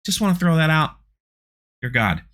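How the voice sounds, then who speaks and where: A man's voice: a little high, big pitch swings, normal speed, a bit bright. A man hosting his channel, giving sarcastic, ranting commentary on a trailer with frequent restarts. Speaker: channel host.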